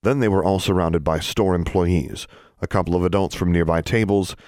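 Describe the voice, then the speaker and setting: Deep-voiced male audiobook narrator. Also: normal speed, no room sound. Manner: expressive storytelling. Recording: dry close studio sound.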